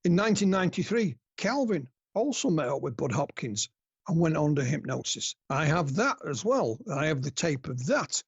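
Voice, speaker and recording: Husky northern English storyteller. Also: male voice, a little high, very animated, moderate pace, dry recording, muffled recording. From north of England. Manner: chatty storyteller, laughs at own anecdotes. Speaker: guest researcher. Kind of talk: casual podcast interview.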